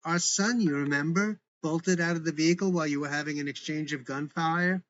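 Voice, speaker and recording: Man putting on a worried mom, pleading, earnest, lifted pitch, dull lo-fi. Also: a little fast, a bit bright, slight background noise, natural voice. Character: worried mother pleading with agents.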